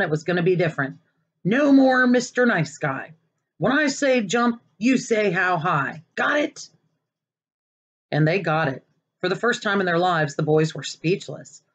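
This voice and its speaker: A woman reading a children's novel aloud, expressive and lively, raising her voice for the characters' lines. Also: sits low, lo-fi sound. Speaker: narrator.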